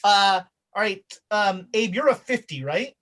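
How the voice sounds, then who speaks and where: Brief: woman game master, casual, halting narration, mid-range voice. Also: mid-range voice, expressive, a bit bright.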